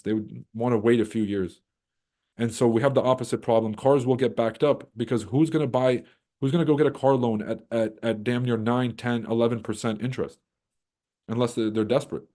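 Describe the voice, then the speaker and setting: A man with a dark, mellow voice rants on a trading livestream. He swears freely and runs on in loose, casual commentary. He mocks other people by putting on voices. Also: medium pitch, fairly quick. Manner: profane, animated, mocks others in put-on voices. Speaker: livestream host.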